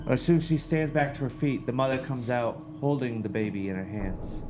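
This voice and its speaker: A man in casual chat with friends, spinning a scary campfire-style story in an ordinary mid-range voice. He is animated and laughs easily. Soft background music runs under his voice. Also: mid-range voice, fairly quick, hardly any pauses.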